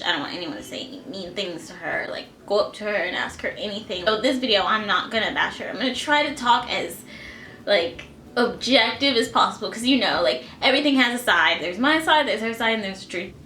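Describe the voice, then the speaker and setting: A young woman in her twenties telling a personal story to camera, shaky and close to tears, halting with many fillers. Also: medium pitch, bright, forceful tone, echoey room, slight background noise. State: on the verge of tears. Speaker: vlogger. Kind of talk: emotional storytime vlog. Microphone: camera mic at close range.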